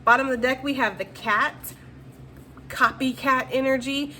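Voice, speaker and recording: A woman's voice: high-pitched, fairly even intonation, moderate pace, sharp tone, slight background noise. A woman giving a casual tarot reading to her viewers, chatty and slangy, often reassuring them and checking in with "okay?". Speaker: tarot reader.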